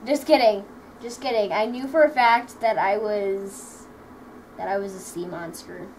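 A woman's voice: medium pitch, fairly even intonation, measured pace, a little mellow. A woman hosting a casual home vlog with friends, giggly and rambling as she chats and jokes. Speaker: vlog host. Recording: distant mic with clear background noise.

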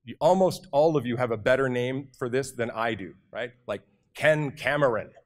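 A man from Canada speaks to a conference audience with energy and directness. His voice sits at a middle pitch, and he often turns to the crowd with quick questions. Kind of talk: motivational conference talk. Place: conference hall.

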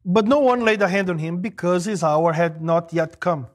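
A middle-aged male pastor preaching a sermon, animated, rising to emphatic exclamations. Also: high voice, moderate pace.

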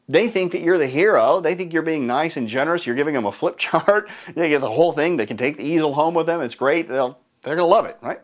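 A man leading a live seminar speaks fast and energetically in the middle of his range, like a trainer addressing a room full of people. He tells stories with humor and acts out others' words, his voice jumping higher when he plays them.

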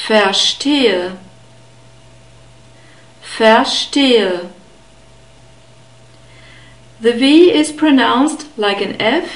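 A woman teaching a beginner language lesson, carefully modeling sounds and repeating words slowly. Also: on the high side, roomy sound, rough recording. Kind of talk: slow, deliberate pronunciation lesson.

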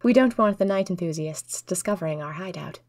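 A woman telling a first-person diary story in an earnest, lively way. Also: lowish voice, a little fast, no echo.

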